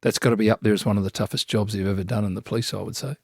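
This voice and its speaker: A man hosting a podcast, asking casual, halting questions in an easygoing way. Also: lowish voice, level tone, creaky, slightly rough, dry recording, studio quality. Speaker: podcast host.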